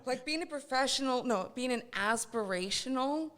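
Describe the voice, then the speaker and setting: A woman comedian guest on a podcast, riffing on bold jokes in a quick, deadpan way. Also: high-pitched. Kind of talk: casual comedy chat.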